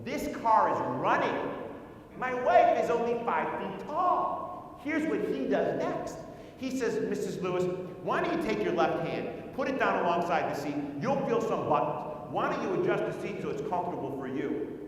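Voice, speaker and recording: Speaking at normal speed in a voice that sits high and swings widely in pitch, a man delivers a sales training talk in a large conference hall. He tells a story, playing the other characters himself and peppering the crowd with rhetorical questions. The echoey recording picks him up from far away.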